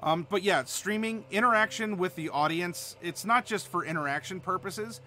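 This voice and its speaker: A man's voice: high-pitched, moderate pace, pushed and bright, slight background noise. A man from Ohio hosting a live stream, chatting casually and answering chat with many fillers. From Ohio, USA. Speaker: streamer host.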